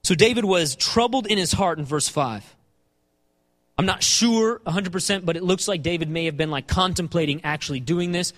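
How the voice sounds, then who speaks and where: A man preaching a sermon, animated, repeating phrases and acting out the lines of scripture he quotes. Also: high-pitched, normal speed. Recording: long hall reverb.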